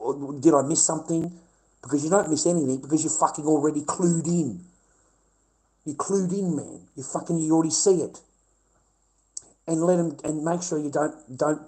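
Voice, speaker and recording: A man's voice: medium pitch, darkish tone, poor audio. Male livestreamer, foul-mouthed and rambling, casual rant. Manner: profane, rambling and blunt.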